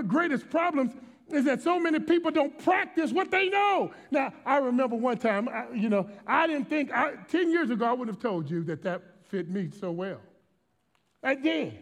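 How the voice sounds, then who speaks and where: A middle-aged male pastor from Washington, D.C., with a gravelly and notably high voice for a man, preaches a sermon. His emphatic, dynamic delivery moves between shouted lines and hushed storytelling.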